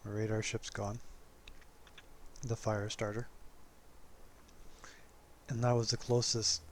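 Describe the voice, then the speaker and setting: A man giving relaxed, casual commentary over his own gameplay footage, chuckling often and poking fun at himself. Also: lowish voice, slow, a little hiss or hum.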